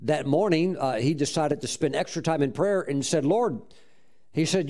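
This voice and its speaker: A male pastor telling stories in a sermon, animated and exclaiming praise often. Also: on the high side, normal speed. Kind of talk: sermon storytelling.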